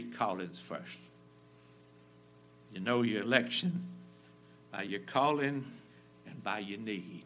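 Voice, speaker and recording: A man preaching a fervent sermon, swinging from loud emphasis down to a near whisper and repeating phrases for effect. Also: medium pitch.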